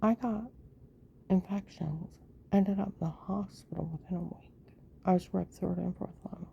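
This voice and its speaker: Woman, lowish and very dark-toned, rambling personal monologue with frequent whispered asides. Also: steady tone, normal speed, vocal fry, muffled recording, a little hiss or hum. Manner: rambling, often slips into a hushed whisper. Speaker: storyteller recounting her own life.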